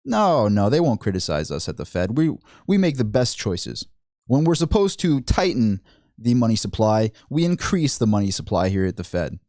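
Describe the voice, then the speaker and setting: Smug, self-satisfied banker as a man mocks him, mellow voice, dry close sound. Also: on the low side, very animated, moderate pace, dry recording. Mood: mocking. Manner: mocking, self-satisfied parody. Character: smug complacent male central bank chairman.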